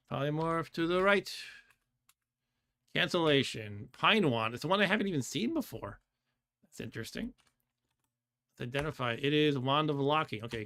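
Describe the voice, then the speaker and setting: A male streamer gives casual live-stream commentary on his game, thinking out loud and trailing off mid-thought, laughing often and reading chat aloud. His mid-range voice is bright and crisp, with keyboard clicks audible underneath.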